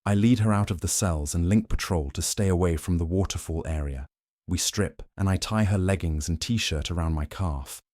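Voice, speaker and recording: A man narrating a first-person audiobook in a plain, steady storytelling manner. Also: sits low, normal speed, dry recording, clean studio sound.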